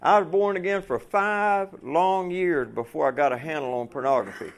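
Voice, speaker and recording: A man preaching a folksy sermon to fellow truckers, asking the room rhetorical questions. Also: a little high.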